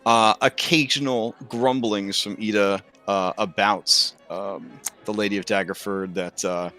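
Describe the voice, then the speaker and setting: A man's voice: on the low side, steady tone, unhurried, sharp tone, faint music behind. A man narrating as game master of a tabletop game, chatty with many fillers.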